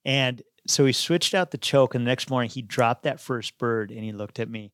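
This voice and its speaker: A man of middle pitch chats casually as a podcast guest. His voice is dry and close-miked. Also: normal speed, no echo.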